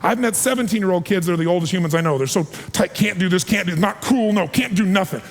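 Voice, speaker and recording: A man in his forties giving an energetic, emphatic seminar talk to a live audience, calling for responses. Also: sits high, fast, faint music behind. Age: 40s. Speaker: motivational speaker. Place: large hall with a live audience. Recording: long hall reverb.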